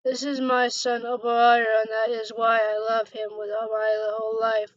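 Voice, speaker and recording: A gentle adult male hero and new father, reading slowly and tripping over words, as a woman reads him out in her own fairly high voice. The delivery stays flat and unhurried. The sound is dull and dry, close to the mic. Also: no echo, natural voice. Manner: halting, stumbling reading.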